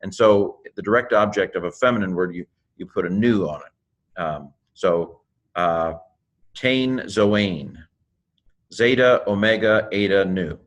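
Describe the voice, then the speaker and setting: A man teaching New Testament Greek in a casual video lesson, naming the letters one at a time with fillers and quick asides to the viewer. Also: sits low, dull audio. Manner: spells out Greek letters one by one, with many fillers and self-corrections.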